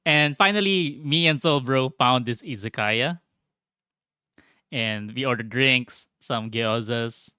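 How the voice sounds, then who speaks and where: Vlogger man, slow relaxed storytelling, dry close sound, quick to laugh. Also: medium pitch, clear, resonant tone, no room sound. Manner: laughs often, swears, animated. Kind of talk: casual travel storytelling.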